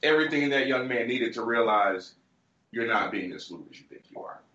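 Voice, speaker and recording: A man co-hosting a podcast, telling a story in casual chat with lively, acted-out quotes. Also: mid-range voice, brisk, echoey room, muffled recording. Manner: animated storyteller, shouting out quoted lines. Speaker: podcast co-host.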